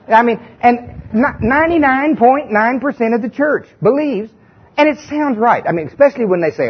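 A man's voice: very high-pitched, animated, moderate pace, slightly rough. A male preacher giving a sermon in a conversational, emphatic way, often putting questions to his listeners. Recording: dull lo-fi recording.

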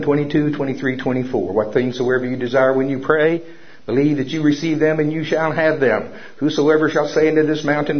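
A man preaching a sermon in a church service, telling a personal story and making commanding declarations of faith. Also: a little high. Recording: dull lo-fi recording.

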